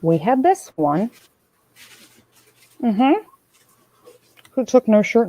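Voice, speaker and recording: A woman's voice: fairly high pitch, big pitch swings, slow pace, pauses often, warm tone, dry recording, dull audio. A woman hosting a casual livestream, rambling and calling out viewers by name as she reads their comments. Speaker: streamer host reading chat.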